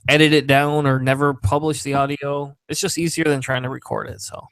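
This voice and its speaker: A man's voice: mid-range voice, little pitch movement, brisk, a bit bright, clear, resonant tone, no echo. A man hosting a podcast, telling stories in casual, profane chat and laughing often. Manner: profane, rambling, laughing storyteller. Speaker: podcast host.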